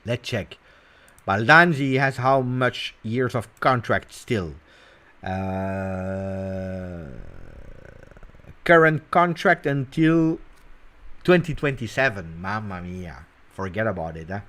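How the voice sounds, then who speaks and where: A man hosting a casual football talk show, animated and teasing, jumping between loud bursts and quiet mutters. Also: fairly low pitch, slow, pauses often. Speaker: football channel host. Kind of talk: casual live commentary.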